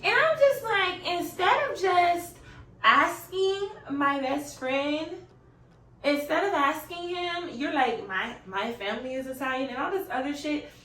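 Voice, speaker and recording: A woman's voice: very high-pitched, expressive, slow, fairly bright tone, far from the mic, a little hiss or hum. A young woman vlogger telling a casual storytime, chatty and swearing, who often laughs and raises her voice to quote people. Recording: echoey room, away from the mic.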